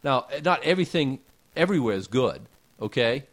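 A man's voice: medium pitch, sing-song, fairly quick. A man preaching a casual sermon, talking conversationally with rhetorical questions and folksy asides.

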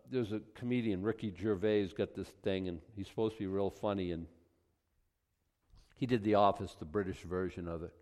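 A man preaching a sermon, acting out little scenes and swinging between loud outbursts and hushed asides. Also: lowish voice. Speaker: pastor.

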